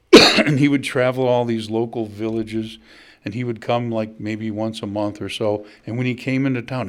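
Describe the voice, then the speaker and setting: A middle-aged man, preaching a conversational sermon to his congregation and telling stories. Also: mid-range voice. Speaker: pastor.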